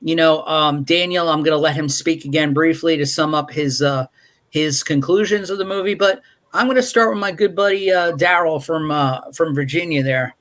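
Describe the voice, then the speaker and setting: A man's voice: fairly high pitch, moderate pace, fairly bright tone. Rambling wry man hosting a review. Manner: rambling and wry, with frequent fillers and restarts. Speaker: movie review show host. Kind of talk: casual live-stream movie review chat. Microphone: video call.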